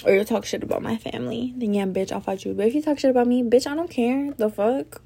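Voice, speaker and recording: A young woman chatting alone on her podcast, her voice gravelly with fry. She rambles loosely, swears freely and sounds drowsy between yawns. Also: fairly high pitch, fairly even intonation, fast, warm tone. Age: young adult. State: sleepy, yawning. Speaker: podcast host. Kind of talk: casual solo podcast chat.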